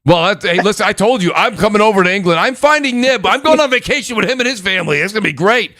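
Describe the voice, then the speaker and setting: A man hosting a casual gaming podcast, joking and rambling with quick self-corrections as he chats with his panel. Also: sits high, lively intonation, bright, forceful tone, dry recording, studio quality. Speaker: podcast host.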